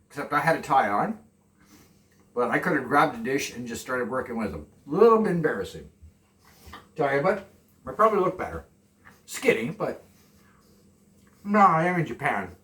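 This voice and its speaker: Soft-spoken man in an echoey kitchen. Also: medium pitch. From Canada. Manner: deliberately soft and calm, rambling asides. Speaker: cooking vlogger. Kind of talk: casual cooking chat to camera. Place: home kitchen. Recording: echoey kitchen, mic from far off.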